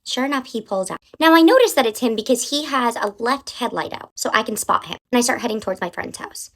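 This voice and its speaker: A young adult woman telling a true story from her life in a casual, animated way. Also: a little high, fast talker. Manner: animated, dramatic retelling with lots of "like".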